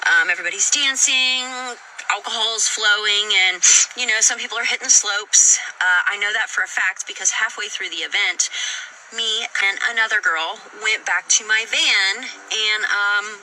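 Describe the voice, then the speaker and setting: A woman's voice: mid-range voice, normal speed, sharp tone, a little hiss or hum, poor audio. A woman telling a personal story on a live stream, blunt and upset, swearing heavily. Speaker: guest telling her story.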